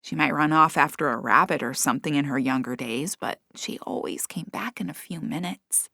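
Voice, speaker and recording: A woman's voice: low voice, normal speed, gravelly, sharp tone, dry recording, clean studio sound, heavily acted. A woman voicing an emotional small female black cat in an audiobook, given to dramatic sobbing and wailing. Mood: worried.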